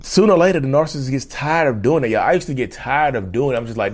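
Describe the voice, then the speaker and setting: A man in his thirties talks to his audience from home in a loose, rambling monologue. His voice sits in an ordinary middle pitch. He jokes along the way and keeps correcting and restarting his phrases. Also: fast talker, hardly any pauses. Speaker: vlogger. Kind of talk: casual talking-head monologue. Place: home, indoors.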